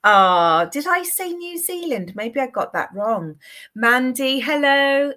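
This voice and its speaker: A woman's voice: sits high, lively intonation, slow, sharp tone. A woman with a strong Southwest English accent, hosting a live-stream mediumship session as a medium, chatting with viewers and calling them darling and sweetheart. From Southwest England.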